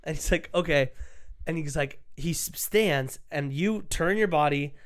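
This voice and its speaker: A man's voice: a little high, a little slow. A young man co-hosting a podcast, telling a story in casual chat, acting out quoted voices and laughing often. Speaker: podcast co-host.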